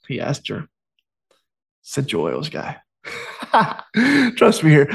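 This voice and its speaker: Chatty man with a slightly high voice. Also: very animated, unhurried, creaky, pauses often, husky. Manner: conversational, digressive, joking asides. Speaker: Christian author and speaker. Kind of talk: casual faith talk, reading from his own book.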